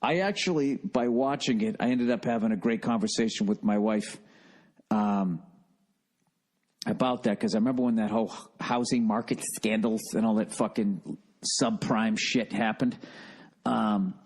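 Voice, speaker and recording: A man's voice: fairly low pitch, normal speed, darkish tone. A middle-aged man with a Boston accent, hosting a casual solo podcast in a profane, rambling, self-mocking way. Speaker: podcast host.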